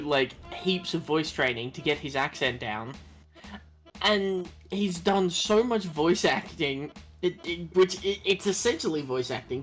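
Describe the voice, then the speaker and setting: A young man chatting casually on a game stream, rambling with many fillers. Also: a little high. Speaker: co-player guest on a game stream. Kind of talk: casual gaming chat.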